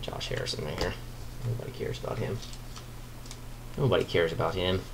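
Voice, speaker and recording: A man hosting a card break, chatting casually and excitably as he opens packs and reads out the players and teams. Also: low-pitched, fairly quick, gravelly, background noise. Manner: chatty, excitable, muttering asides while opening packs. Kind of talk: live card-break commentary.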